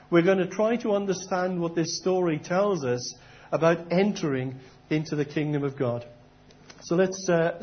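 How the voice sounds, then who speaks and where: A man's voice: on the high side, lo-fi sound. A middle-aged man preaching a sermon in an earnest, conversational way, raising question after question. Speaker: pastor.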